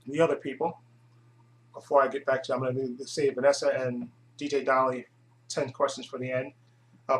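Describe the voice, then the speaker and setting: A man's voice: medium pitch, rough recording. A man hosting his own video channel, chatting casually to camera with many hesitations and restarts. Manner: rambling, full of hesitations and restarts. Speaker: YouTube channel host.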